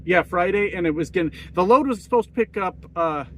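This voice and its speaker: Middle aged trucker guy cussing thru a long story, pretty high voice, little engine hum. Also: lively intonation, a little fast. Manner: profane, rambling, acts out quoted people in a raised voice. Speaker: truck driver vlogger. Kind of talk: casual storytelling monologue.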